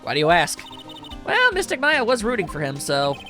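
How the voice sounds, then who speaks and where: A man voicing an eager, excitable little girl. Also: high-pitched, normal speed, faint music behind, full character voice. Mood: curious. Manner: eager, bubbly.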